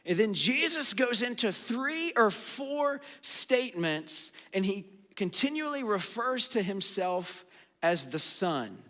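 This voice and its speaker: A man's voice: high voice, sharp tone. A man teaching a sermon, asking the audience questions and then answering them himself. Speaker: pastor. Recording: long hall reverb.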